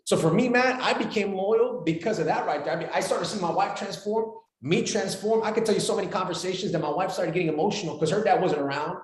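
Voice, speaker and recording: A man in his forties talks quickly with a high voice and stacks up repeated phrases for emphasis. He speaks as a podcast guest. The echoey room rings behind him. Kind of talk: animated podcast talk.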